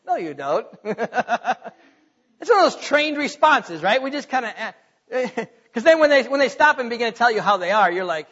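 A pastor, a man, preaches a sermon in a high, bright voice. He talks to his congregation in a conversational way and grows forceful when he retells scripture. The recording is muffled and lo-fi, with a long reverb from the church hall. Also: very animated, moderate pace.

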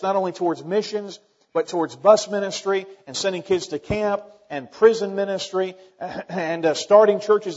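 A man's voice: a little high, a little mellow. A man preaching a sermon as pastor, plainspoken and emphatic, building to fervent peaks. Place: church sanctuary. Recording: muffled church recording with long reverb.

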